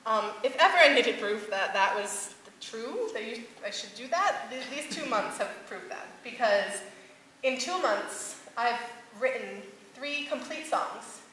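Bright-voiced woman in an echoey hall. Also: fairly high pitch, measured pace, a little hiss or hum. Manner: animated, laughs often, many fillers. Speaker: singer-songwriter giving a talk. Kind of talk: personal storytelling talk. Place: stage before a live audience, echoey hall. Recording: echoey hall with faint ambience.

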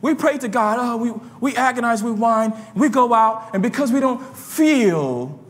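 Impassioned high-voiced preacher in a church hall. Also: male voice, lively intonation, moderate pace. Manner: impassioned, swinging between low murmurs and shouts. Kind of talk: sermon. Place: church sanctuary.

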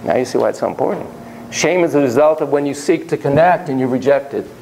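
A man lecturing a class with a theatrical, animated delivery. He swings from hushed remarks to loud exclamations and keeps asking the students questions. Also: medium pitch, fast, vocal fry, a little hiss or hum, low-quality recording.

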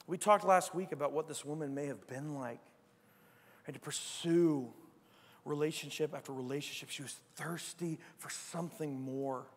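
A man preaching a sermon as pastor, emphatic and swinging between quiet reflection and loud exclamation, often asking "right?". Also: fairly high pitch, moderate pace, long reverb tail. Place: church sanctuary.

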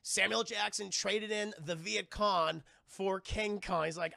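A man streaming a movie recap live, talking excitedly and profanely and turning often to his chat. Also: high voice, unhurried, vocal fry, no echo, studio quality. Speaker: streamer reviewing a film.

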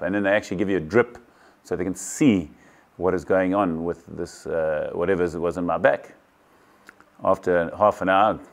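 A South African man in his sixties, a kayaking champion, tells his personal story to camera in a candid, matter-of-fact way, quoting others' dialogue. His voice sits low with vocal fry.

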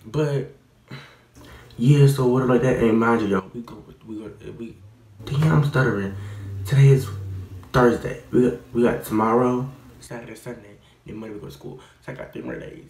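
A young man in his teens, vlogging in casual, slangy, expressive chat that rambles and stutters. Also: mid-range voice, normal speed, vocal fry, reverberant.

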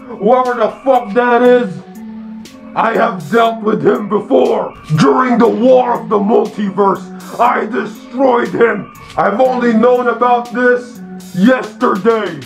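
A man hosting an online channel, delivering an angry, profane, declamatory in-character rant in short repeated phrases with halting restarts. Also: extremely high pitch, creaky.

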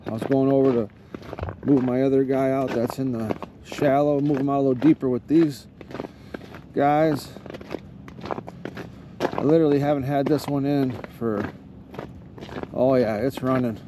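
A man, excitedly talking to viewers while ice fishing on a frozen lake. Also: mid-range voice, unhurried, pauses often. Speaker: fishing vlogger. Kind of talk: casual outdoor commentary. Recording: outdoor wind noise, distant mic.

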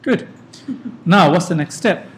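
A man's voice: sits high, unhurried, slight background noise. A man tutoring algebra in a classroom, asking probing questions and correcting terms. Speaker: maths teacher.

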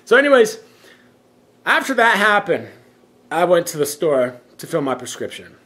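A man telling everyday stories in a casual vlog, rambling and self-amused, often laughing at his own jokes and trailing off softly at the ends of thoughts. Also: a little high, sing-song, moderate pace. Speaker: vlogger.

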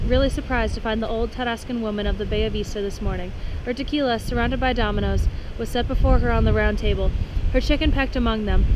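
A woman reading a novel aloud at a measured pace, with occasional slips and restarts. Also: fairly high pitch, background noise. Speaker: audiobook reader. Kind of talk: scripted narration.

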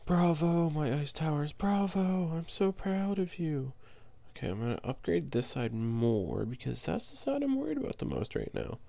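A man giving casual commentary on his own strategy match, muttering to himself and jumping to high, exasperated yelps when things go wrong. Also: big pitch swings, moderate pace, gravelly, mellow, no room sound.

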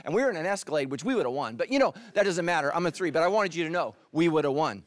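A middle-aged pastor from California preaching a sermon, telling jokes and then dropping to a quiet, earnest tone. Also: male voice, on the high side, expressive, fast, hardly any pauses, no echo, studio quality. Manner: joking storyteller, drops to a quiet earnest tone.

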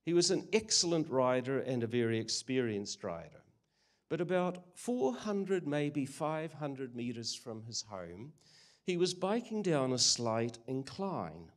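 Older New preacher, lively delivery. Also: male voice, medium pitch. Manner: earnest, conversational, with hesitations. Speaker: guest preacher. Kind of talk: sermon.

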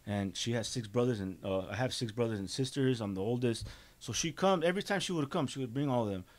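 A man's voice: medium pitch, animated, quick pace. A young adult man, a podcast guest, casually telling his life story in street slang with frequent restarts and bits of Spanish.

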